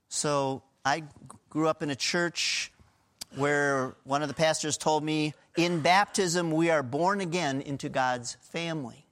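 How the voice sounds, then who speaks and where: A middle-aged man from Pennsylvania preaching a sermon as a pastor, in an earnest, emphatic and conversational way. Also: fairly high pitch. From Pennsylvania, USA.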